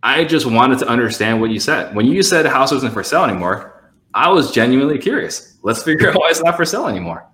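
A man who trains real estate salespeople, talking casually in a podcast conversation, measured and explaining with quick acted-out phone exchanges. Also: mid-range voice, sing-song, a bit bright, reverberant.

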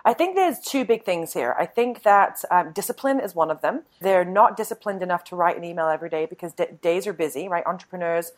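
A woman's voice: fairly low pitch, animated, a little fast, few pauses. A British woman who is a guest on a podcast, chatting casually, laughing often and mocking herself. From Britain.

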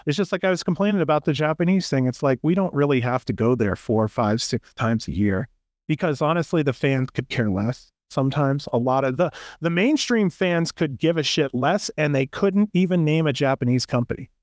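A man's voice: a little high, expressive, brisk, a little mellow, dry recording, studio quality. A man co-hosting a podcast, giving long opinionated rants in casual chat and acting out quotes in a raised voice. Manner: opinionated, rambling, acts out quotes. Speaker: podcast co-host.

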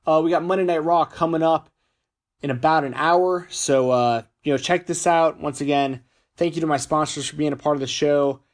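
A man's voice: a little high, moderate pace. A man hosting a podcast, reading sponsor plugs in a chatty, casual way, stumbling over his words as his voice gives out. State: losing his voice. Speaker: podcast host.

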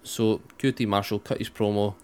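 A man's voice: fairly low pitch, steady tone, moderate pace, darkish tone, smooth. A man co-hosting a casual wrestling chat, dry and matter-of-fact with some swearing. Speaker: wrestling podcast co-host.

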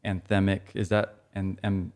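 A man's voice: deep voice, little pitch movement, normal speed, a little mellow. A young man co-hosting a casual music podcast, telling a band's story with hesitant restarts. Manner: storytelling, hesitant, self-correcting. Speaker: podcast co-host. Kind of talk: casual chat about music.

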